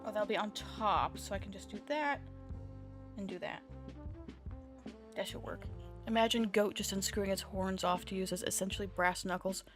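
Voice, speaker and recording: A woman's voice: medium pitch, normal speed, long pauses. A woman streamer chatting casually while she draws, rambling and self-amused, jumping between tangents. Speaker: VTuber streamer. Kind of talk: casual art-stream chat. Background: soft background music.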